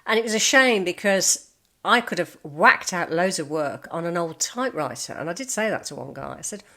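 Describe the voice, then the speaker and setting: A woman's voice: lowish voice, normal speed. Chatty older woman telling stories. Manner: chatty, animated, acts out the people she quotes. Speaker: vlogger. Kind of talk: casual storytelling monologue.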